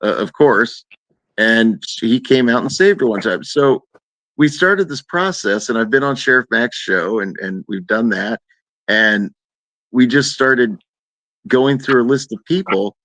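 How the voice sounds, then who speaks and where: A man in casual conversation tells a rambling story at a middle pitch. He gets animated and jumps higher when he quotes other people. The sound is dry and close, with no room around it. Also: a little slow, no echo.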